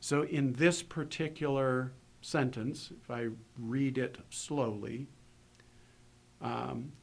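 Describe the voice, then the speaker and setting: A man giving a recorded lesson on grammar, explaining step by step in a measured way with pauses. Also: mid-range voice, fairly even intonation, gravelly. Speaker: Hebrew grammar instructor. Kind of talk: recorded lecture.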